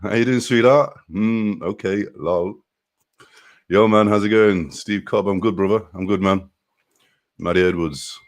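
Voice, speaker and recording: A low-voiced man, hosting a relaxed live stream. He greets viewers one by one in an upbeat, friendly chatter. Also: measured pace. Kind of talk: casual live-stream chat.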